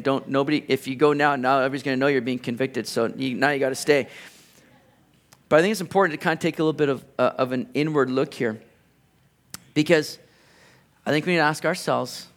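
A man's voice: medium pitch, fast talker, pauses often. A man preaching a sermon in an earnest, conversational way, with playful asides to the congregation. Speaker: pastor.

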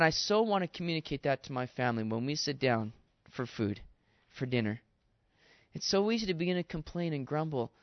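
A man's voice: fairly high pitch, vocal fry, dry recording. A man preaching a sermon in an earnest, exhorting way, talking straight to his listeners. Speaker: pastor. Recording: dull dry sound.

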